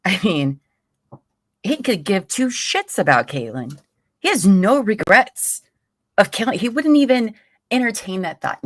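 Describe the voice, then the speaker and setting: A woman's voice: mid-range voice, dry recording, clean studio sound. A woman hosting a livestream about a trial, angry and swearing as she comments. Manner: angry, profane, repeats courtroom audio aloud.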